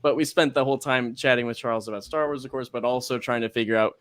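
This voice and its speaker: A man chatting excitably on a live stream, telling a story with plenty of energy and the odd swear. His voice sits in an ordinary middle range. The recording is dry and close, with no room sound. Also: medium pitch, quick pace, clean tone, no room sound. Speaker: co-host. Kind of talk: casual chat.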